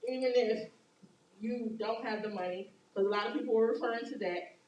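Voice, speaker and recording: Brisk woman giving advice, distant and roomy. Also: a little high, a little mellow, highs cut off. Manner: brisk, matter-of-fact, advising. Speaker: hospital worker and co-host. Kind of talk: casual chat giving health advice. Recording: roomy, distant mic with faint noise.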